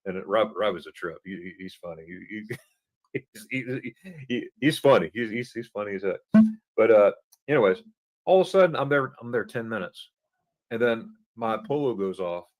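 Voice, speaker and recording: A man telling a travel story as a podcast guest, animated and stumbling over repeated words while he acts out the dialogue. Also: on the low side, moderate pace. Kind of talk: casual anecdote telling.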